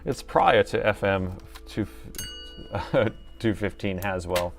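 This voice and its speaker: A man's voice: lowish voice, takes it slowly, gravelly, soft background music. A middle-aged man hosting a live repair stream, chatting and thinking aloud as he works and joking with his viewers. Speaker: host and laptop repair technician.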